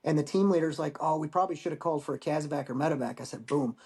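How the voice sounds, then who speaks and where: Profane, animated male veteran storyteller. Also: on the high side, racing. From United States. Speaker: guest, Marine veteran. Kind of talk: casual storytelling interview.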